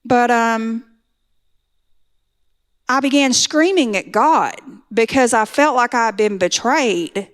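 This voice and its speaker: A woman's voice: on the high side, slow, long pauses. A middle-aged woman, telling her recovery story in an earnest testimony that builds to pleading intensity. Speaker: speaker sharing a recovery testimony. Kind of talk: personal testimony talk.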